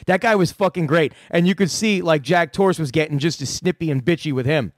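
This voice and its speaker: Profane, rambling man with a high voice. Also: fairly quick, no echo, studio quality. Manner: profane, rambling storytelling with many restarts. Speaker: prank-call comedian answering a fan. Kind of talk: casual radio chat.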